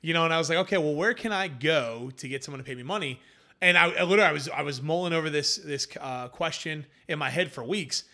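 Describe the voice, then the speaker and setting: A young man, the founder of a hummus company, casually telling animated stories in an interview and acting out the voices of people he quotes. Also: on the high side, fast.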